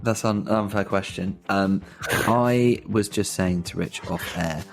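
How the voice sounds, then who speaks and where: A male podcast host with a very deep, gravelly voice. He talks casually and hesitantly, with lots of fillers, over faint guitar music. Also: measured pace. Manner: hesitant, many fillers, laughs easily.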